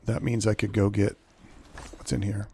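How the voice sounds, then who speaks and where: Speaking at normal speed with a completely flat delivery, a man with a low, darkish voice streams a pirate game live, and a little hiss or hum sits under the audio. He rambles through his rules, restarts to correct himself and mutters asides while playing.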